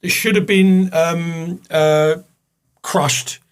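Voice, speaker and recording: Speaking very slowly in a husky voice on the high side, this male guest keeps a steady tone while sharing a frank, profane personal story in casual conversation, voicing the people he quotes.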